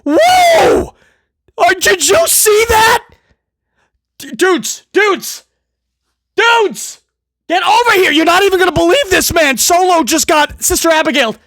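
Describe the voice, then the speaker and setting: A man's voice: very high voice, sing-song, very fast, few pauses, a bit bright, no room sound, pitched above the performer's own voice, exaggerated voice. A man putting on an overexcited young male wrestling fan who gushes and stammers breathlessly. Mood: giddy.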